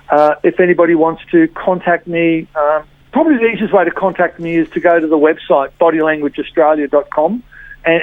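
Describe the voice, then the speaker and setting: A woman's voice: deep voice, no echo. A woman, a body language trainer, explaining things as an interview guest with frequent fillers and restarts. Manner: explanatory, with many fillers and repeats. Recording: tinny dry phone line.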